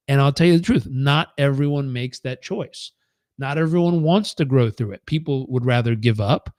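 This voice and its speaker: A man's voice: mid-range voice, a little mellow, no echo, clean studio sound. A middle-aged man leading a live training session, talking earnestly, repeating his points for emphasis and telling stories from his own life. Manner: earnest, storytelling, acts out quoted dialogue; repetitive, emphatic lists. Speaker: performance coach.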